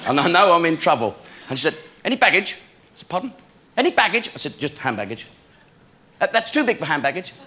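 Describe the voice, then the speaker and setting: A man's voice: a little high, very animated, fast talker, background noise. A man doing a chatty stand-up routine, telling a story and acting out both sides of each conversation. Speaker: stand-up comedian. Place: large theatre stage.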